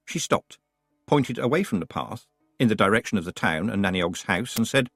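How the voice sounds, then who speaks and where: A man narrating a fantasy audiobook with expressive, wry storytelling. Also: fairly low pitch, brisk, slightly rough, no echo, studio quality, faint music behind. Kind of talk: scripted narration.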